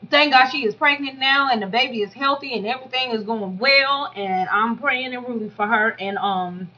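A woman giving blunt, profane, animated commentary on a reality show in a casual vlog. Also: a little high. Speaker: YouTube commentator reviewing a reality show reunion. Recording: dull lo-fi audio.

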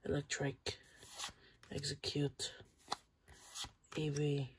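A channel host giving casual commentary while opening trading cards, chatty and talking straight to the viewers, with bursts of excitement over good pulls. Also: mid-range voice, extremely slow, background noise.

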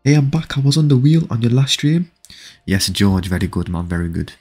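Streaming a game live, this young man talks to his viewers and pushes a friend to fight, pleading and laughing excitably. His voice is medium-pitched and breathy-edged, fairly quick. Faint music plays in the background.

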